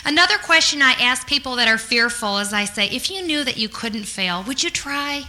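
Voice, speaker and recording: High, bright-voiced woman coaching with energy. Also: expressive, moderate pace, low-quality recording. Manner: upbeat, earnest, encouraging. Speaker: sales trainer. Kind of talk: motivational sales training talk.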